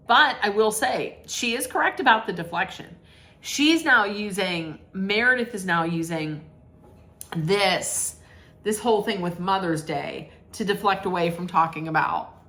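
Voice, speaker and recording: A woman's voice: fairly low pitch, a bit bright. A woman giving a casual, sassy recap rant, rambling with many restarts. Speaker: reality TV recap vlogger.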